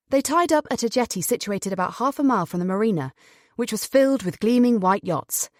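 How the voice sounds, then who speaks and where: Expressive woman narrating an audiobook. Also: fairly high pitch, fairly quick, no echo, studio quality.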